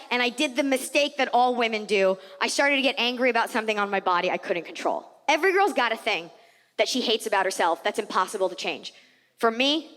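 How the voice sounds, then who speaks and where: A woman's voice: fairly high pitch, big-room sound, background noise. Sarcastic woman doing stand-up on stage. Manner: animated, sarcastic, acts out voices. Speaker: stand-up comedian. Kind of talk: stand-up comedy set. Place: theater stage.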